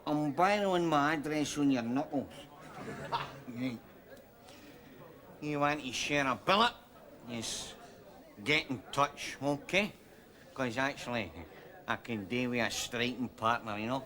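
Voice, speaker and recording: A man's voice: mid-range voice, unhurried, long pauses, bright, forceful tone. A man with a Glaswegian accent playing a boastful, drawling sitcom character. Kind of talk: sitcom acting.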